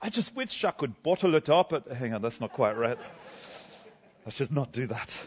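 A man's voice: mid-range voice, sing-song, moderate pace, lo-fi sound, close to an everyday voice. A man giving a first-person sermon in character as a cheerful, chatty apostle, talking to a congregation in a school gym. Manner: chatty, self-deprecating, bubbly. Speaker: guest speaker.

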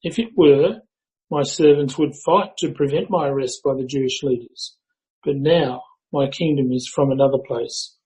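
A man reading a Bible passage aloud to a church in a measured, even way. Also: mid-range voice, low-quality recording. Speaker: scripture reader.

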